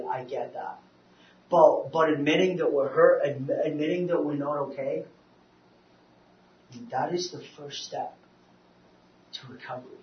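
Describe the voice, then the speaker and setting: Guy preaching from far off in a big roomy hall, stumbles and repeats himself, dull sound. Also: a little high. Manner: halting, repeats words, swings from loud urging to quiet. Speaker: speaker on depression, preacher. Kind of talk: sermon with personal testimony.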